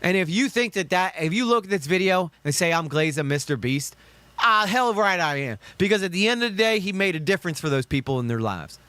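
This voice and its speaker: Ranting man with a bright, dry voice. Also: sits high, expressive, brisk, smooth, no room sound. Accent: Southern US. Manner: heated, profane, ranting. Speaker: commentary streamer reacting to videos. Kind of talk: angry reaction commentary.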